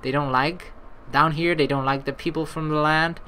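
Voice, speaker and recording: A woman's voice: low-pitched, fairly even intonation, normal speed, fairly bright tone, slight background noise. A woman playing through a visual novel, reading it aloud and adding casual, rambling asides. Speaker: let's play narrator.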